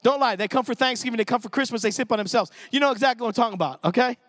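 A middle-aged man from Pittsburgh preaching a sermon in an animated, storytelling, street-talking way. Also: extremely high pitch, very fast, no room sound, studio quality.

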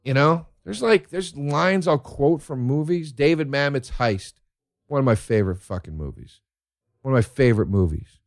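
Excitable, profane man telling stories. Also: mid-range voice, normal speed, dry recording, clean studio sound. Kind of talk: casual storytelling monologue.

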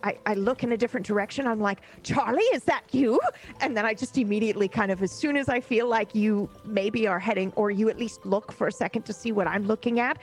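A woman player describing her character's actions in a tabletop game, animated and giggly. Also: mid-range voice, quick pace, few pauses, faint music behind. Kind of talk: tabletop role-play chat.

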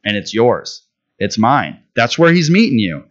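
A man's voice: lowish voice, big pitch swings, normal speed. Conversational male preacher, lo-fi recording. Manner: conversational, often adds "right?" and restarts words. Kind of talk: sermon.

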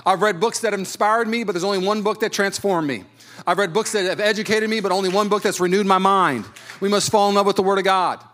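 High-voiced pastor preaching. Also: male voice, quick pace, a bit bright. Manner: conversational, storytelling with self-deprecating humor. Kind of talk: sermon.

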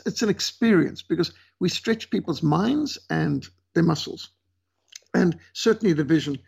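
A man's voice: on the high side, husky, highs cut off. A male missionary leader as an interview guest, talking earnestly and emphatically with some fillers.

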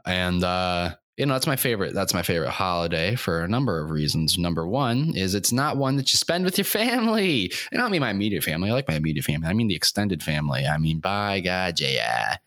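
A man in his twenties hosts a solo comedy podcast, rambling erratically and poking fun at himself, his throat sore from screaming. He swings into shouting and silly sing-song bits. His low voice is very animated and fast with barely a pause, in clean studio sound with no room tone.

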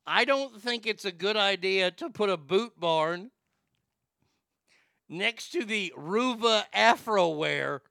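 A man hosting a comedy show, ranting crudely and making a prank call, excitable, profane and full of stammered restarts. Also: high voice, slow pace, creaky, clean tone, no echo, clean studio sound.

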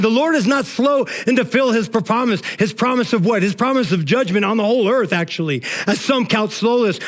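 High-voiced man preaching a sermon. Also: animated, moderate pace. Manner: emotional, conversational preaching with repeated "man" and "all right". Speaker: pastor.

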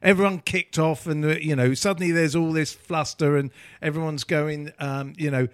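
A man's voice: on the high side, moderate pace, few pauses, dry recording, clean studio sound. A man hosting a podcast, chatting animatedly and talking over his co-hosts. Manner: animated, talks over others. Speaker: podcast host. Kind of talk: casual chat.

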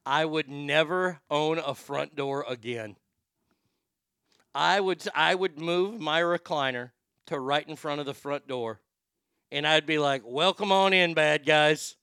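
A man giving crude, excitable casual commentary as he reacts to videos. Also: a little high, slow, pauses often, clean tone, no room sound, studio quality.

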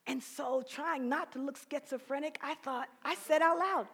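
A woman preaching at a conference, telling a story and building to fervent, near-shouted passages. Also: sits high, expressive, normal speed, few pauses. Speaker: conference speaker. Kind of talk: preaching sermon.

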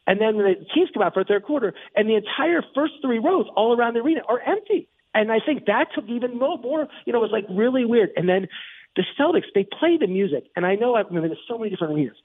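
A man hosting a sports talk show, recapping a game in a rambling, excited monologue full of restarts and asides. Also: high-pitched, fast talker, slightly rough, no room sound. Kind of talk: casual sports commentary monologue. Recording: tinny phone-like radio line.

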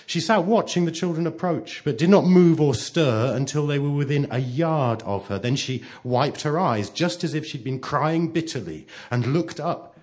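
Male storyteller, very lively pitch, hushed to loud, reading aloud. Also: moderate pace, hardly any pauses. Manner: expressive, swings from hushed to loud.

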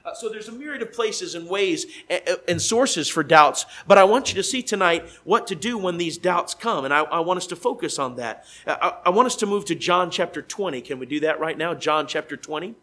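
A man preaching as a traveling evangelist, emphatic and given to repeating key phrases, moving between loud pleading questions and quiet conversational asides. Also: sits high, animated, a little fast, few pauses, poor audio. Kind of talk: sermon.

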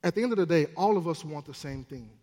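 A man minister preaching a sermon in an animated, playful way, with asides to the congregation. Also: on the high side, quick pace. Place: church sanctuary. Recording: long church hall reverb.

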